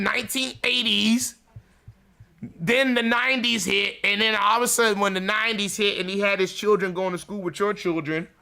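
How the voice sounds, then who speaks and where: A man's voice: high voice, gravelly, sharp tone, clean tone. A man hosting a livestream, delivering a crude, mocking rant with frequent laughter. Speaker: livestream show host.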